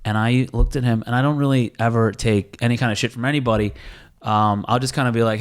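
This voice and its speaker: A man's voice: medium pitch, steady tone, fast, clean tone. Male podcast host, casual rambling storyteller. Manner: rambling storyteller, laughs mid-sentence. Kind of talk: casual chat.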